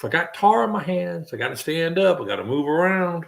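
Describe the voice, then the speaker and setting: Gravelly jokey man telling a rambling story. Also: on the high side, big pitch swings, brisk, a bit bright. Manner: rambling and jokey, mimics clicking sounds. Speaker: livestream host. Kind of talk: casual storytelling chat.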